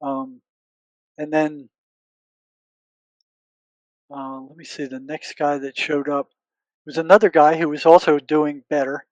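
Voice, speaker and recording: Older man telling a story in a higher voice. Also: level tone, measured pace, pauses often, no echo, poor audio. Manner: relives past conversations, quoting himself and others; earnest, searching, doubles back on his words. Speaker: guest, retired psychotherapist. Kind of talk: conversational storytelling.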